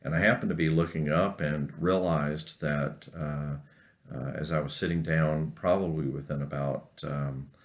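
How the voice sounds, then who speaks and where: A man from North Carolina, a professor giving a recorded class lecture, telling an unhurried story with many fillers. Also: a bass voice, steady tone.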